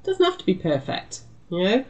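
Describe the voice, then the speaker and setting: A woman's voice: mid-range voice, huge pitch swings, fairly quick, a little mellow, muffled recording, a little hiss or hum. A middle-aged British woman hosting a live quilting tutorial, chatty and reassuring, calling viewers lovely and love. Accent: British English. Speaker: quilting shop host.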